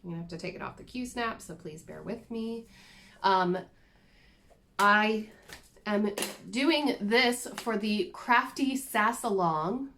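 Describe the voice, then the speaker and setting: A woman showing off her craft projects in a relaxed, unhurried chat. Her voice sits at an ordinary middle pitch, and she drifts into self-deprecating asides. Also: slight background noise. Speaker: cross-stitch vlogger. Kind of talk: casual show-and-tell chat.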